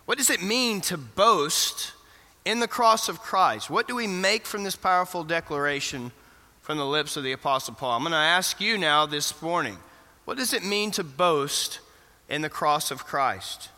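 High, bright-voiced pastor in a reverberant hall. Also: male voice, animated, normal speed. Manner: asks the congregation questions and affirms answers. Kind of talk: interactive sermon. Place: church sanctuary.

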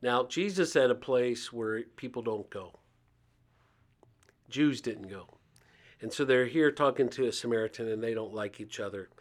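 With a mid-range voice at a normal speed, a fifty-something man from Ohio shares stories as an interview guest on faith and poverty. He slips into the voices of the people he's quoting while keeping things conversational.

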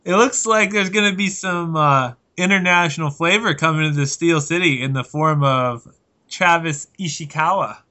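A man's voice: a little high, moderate pace, pushed and bright. A man co-hosting a casual sports podcast, trading playful teasing banter. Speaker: podcast co-host. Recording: dull lo-fi sound.

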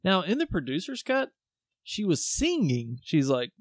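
Man, podcast co-host, casual chat, laughs a lot, lively pitch, dry close sound. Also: unhurried, no room sound. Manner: laughing, swearing, acts out film lines.

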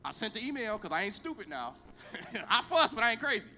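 A man, a pastor, preaching a lively storytelling sermon, acting out both sides of the conversations with emphatic delivery. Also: sits high, a little fast.

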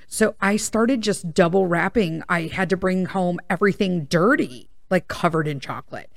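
Gravelly, swearing woman podcaster ranting. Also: lowish voice, moderate pace. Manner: rambling, swears freely, animated retelling. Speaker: podcast host. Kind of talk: casual storytelling monologue.

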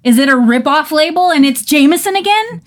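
High, exasperated sweary woman. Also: lively intonation, a little fast. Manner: exasperated, profane, sarcastic. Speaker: improv player. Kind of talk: improvised comedic role-play.

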